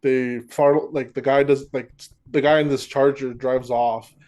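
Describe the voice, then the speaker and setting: A man's voice: medium pitch, level tone, a little slow, a little mellow. A young man co-hosting a podcast, telling a clip story in a rambling, easygoing way. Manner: rambling, restarts a lot, laughs along. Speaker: podcast co-host. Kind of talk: casual podcast chat.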